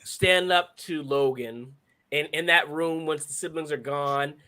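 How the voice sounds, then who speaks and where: A man's voice: fairly high pitch, steady tone, a little slow, pushed and bright, clear, resonant tone. A young man co-hosting a casual show chat, enthusiastic and rambling, with lots of fillers and restarts. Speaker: podcast co-host.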